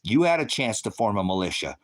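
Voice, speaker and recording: His voice is lowish and sing-song, his pace quick: a middle-aged livestream host in the middle of a rant. He's heated and profane, confronting and lecturing his viewers and the chat.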